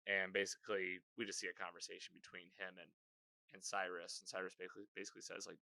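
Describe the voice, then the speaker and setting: A man hosting a podcast, recapping a TV season in casual, rambling chat full of fillers and quick quoted lines. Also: low-pitched, level tone, vocal fry, pushed and bright, no echo. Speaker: podcast host.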